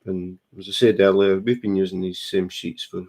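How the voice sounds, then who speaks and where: A low-pitched Scottish man with a gravelly, creaky edge to his voice. He talks casually and plainly at home, explaining his crafting habits in an easygoing, matter-of-fact way. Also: level tone, moderate pace, darkish tone. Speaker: co-host, diamond painting hobbyist. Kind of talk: casual chat. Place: home, indoors.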